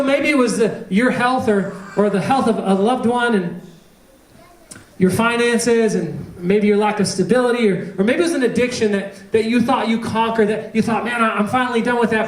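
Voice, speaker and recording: A man preaching a sermon as pastor, telling a story with humor and animated delivery. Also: high-pitched, normal speed. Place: church. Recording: echoey church hall, distant mic.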